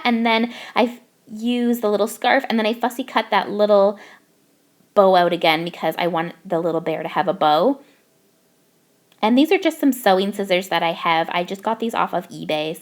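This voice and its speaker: Bubbly young woman narrating crafts. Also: a little high. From Canada. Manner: bubbly, gushing over cute details. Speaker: craft YouTuber. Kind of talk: voice-over craft process narration.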